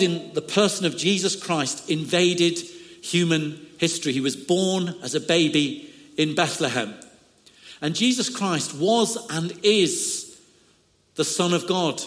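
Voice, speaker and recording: A man preaching a sermon with slow, emphatic phrasing and frequent "uh" fillers. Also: on the high side, fairly bright tone, big-room sound.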